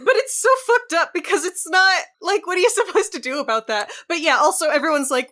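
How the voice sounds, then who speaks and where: A woman's voice: extremely high pitch, normal speed, bright, forceful tone. A woman co-hosting a podcast in casual chat, giggly and casually swearing. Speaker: podcast co-host.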